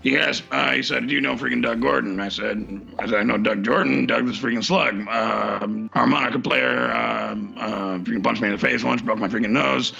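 Man, gravelly and sharp, rambling drunk comedy bit, dull lo-fi mic. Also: medium pitch, normal speed, hardly any pauses, soft background music. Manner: stammering, rambling, says freaking constantly. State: playing drunk.

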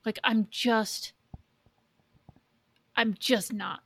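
A woman co-hosting a podcast in casual chat, candid, swearing, with halting restarts. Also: a little high, steady tone, vocal fry, fairly bright tone, husky, no echo. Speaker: podcast co-host.

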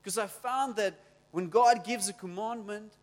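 Pastor, high-pitched, lively sermon, long hall reverb. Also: male voice, unhurried.

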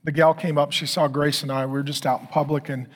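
A man's voice: a little high, little pitch movement, fast talker. A man preaching as a pastor, telling a story with emphatic lists, then closing in prayer. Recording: long hall reverb.

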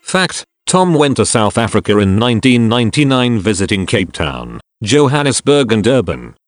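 A man reading short fact corrections in a deadpan, matter-of-fact narration. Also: fairly low pitch, moderate pace, over music.

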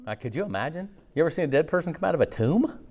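A man preaching a sermon in a conversational, animated way, acting out the voices of the people in the story. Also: on the high side, rapid-fire. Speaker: pastor.

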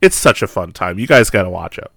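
A man's voice: low voice, expressive, quick pace, vocal fry, a bit bright, dry recording. A young man co-hosting a movie podcast, rambling and laughing in casual chat. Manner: giggly, rambling, enthusiastic. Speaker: podcast co-host.

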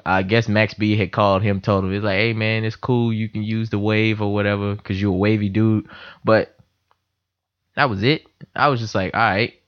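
Recorded through a computer microphone in a room at home, this young podcast host chats casually and tells stories with animated, voiced quotes. His voice is on the low side with a fairly bright tone and no room sound, though the recording is dull and lo-fi.

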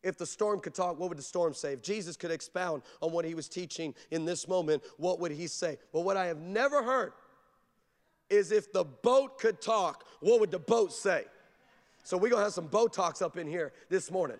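A man's voice: sits high, fairly quick, few pauses. A male pastor preaching an emphatic sermon, telling stories with humor. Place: large church. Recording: long hall reverb.

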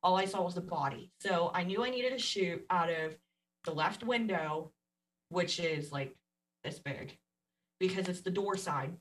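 A woman guest telling a story in a casual, animated way, laughing often and acting out what others said. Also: lowish voice, measured pace, recorded from a distance, rough recording. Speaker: podcast guest.

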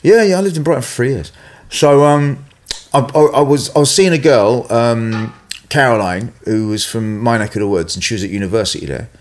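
A man's voice: mid-range voice, a little fast. A middle-aged man with an English accent, telling long, rambling stories in casual chat, full of "you know" and "right?". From England.

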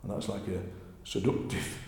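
A man with a Yorkshire accent, a poet telling stories in a lively, chatty interview. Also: normal speed, slight background noise. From Yorkshire, England. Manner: chatty, animated storyteller, often laughing. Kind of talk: conversational interview. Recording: echoey room with long reverb.

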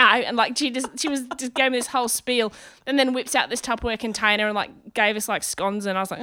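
Bright-voiced woman telling stories. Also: on the high side, normal speed, dry recording, studio quality. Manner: animated, rambling storyteller with laughs. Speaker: comedian guest. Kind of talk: casual chat, storytelling.

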